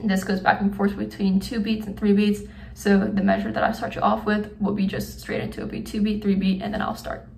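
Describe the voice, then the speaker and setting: A young woman explaining a drum audition in a relaxed way with lots of fillers, counting beats aloud as she plays. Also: mid-range voice, fairly quick, gravelly, distant mic. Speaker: student drum instructor. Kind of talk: casual instructional demo. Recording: echoey room, off-mic, faint noise.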